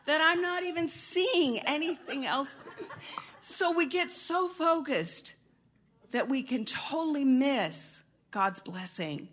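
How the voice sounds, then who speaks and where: Bright-voiced woman preaching with laughter. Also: high voice. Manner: animated storytelling with bursts of laughter. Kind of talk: sermon.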